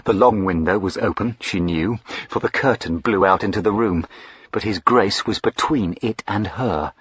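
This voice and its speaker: A man narrating a period novel in a measured, dramatic reading. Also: fairly low pitch, fairly bright tone, slightly rough, no echo. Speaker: audiobook narrator. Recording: dull lo-fi recording.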